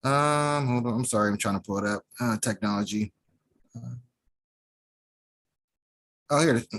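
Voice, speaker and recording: A poet reading their own poems at an online open mic over a video call, reciting in a measured, rhythmic way with searching pauses between pieces. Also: mid-range voice, fairly bright tone. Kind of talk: poetry reading.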